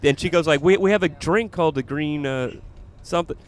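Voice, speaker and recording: A man's voice: a little high, brisk. A man, a comedian, telling a funny story in casual chat and laughing along as he goes. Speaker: comedian and podcast host.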